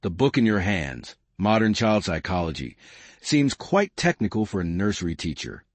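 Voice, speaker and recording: A man voicing a shrewd, gentle elderly spinster sleuth in a storybook reading, speaking softly and kindly. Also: deep voice, sing-song, moderate pace, dry recording. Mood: gently probing. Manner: soft, kindly, probing.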